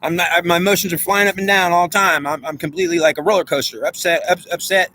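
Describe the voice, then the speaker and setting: Fast, bright-voiced man rambling to himself. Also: high voice, steady tone, slight background noise. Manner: rambling stream-of-consciousness, arguing with himself. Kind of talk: unscripted monologue; guided visualization.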